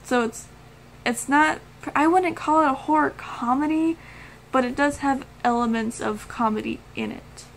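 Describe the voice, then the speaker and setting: A woman vlogger talks casually and gushes with enthusiasm, laughing often as she goes. Her voice sits a little high. Faint noise hums behind her. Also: normal speed, rough recording. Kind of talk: casual movie-review chat.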